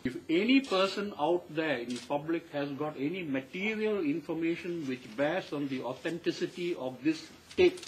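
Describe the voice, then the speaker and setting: An older man with a Malaysian English accent, giving a measured, emphatic statement to the press and repeating his key points. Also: a little high, slight background noise, rough recording. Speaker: panel member addressing the press.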